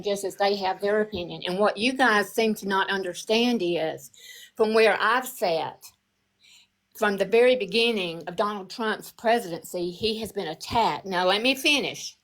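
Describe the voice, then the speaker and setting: A woman phones in to a live show, her voice heard over a remote call connection. She speaks at a middle pitch and holds her ground firmly. She pushes back whenever the host tries to cut her off. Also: moderate pace, fairly bright tone, low-quality recording. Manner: insistent, defends her view, pushes back. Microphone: remote call audio.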